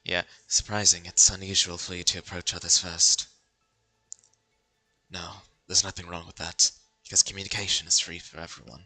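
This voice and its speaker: A man voicing a calm, reserved young male student in a game, speaking softly and in a measured way. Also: low-pitched, no echo, pitched below the performer's own voice, heavily acted, low-quality recording. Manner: measured, soft-spoken. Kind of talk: reading game dialogue aloud.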